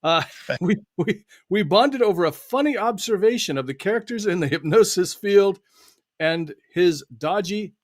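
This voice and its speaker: A man hosting an online live stream, chatting loosely with guests, laughing often and filling pauses. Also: high-pitched, lively intonation, no room sound, studio quality. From United States. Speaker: host and author. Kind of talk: casual live stream chat.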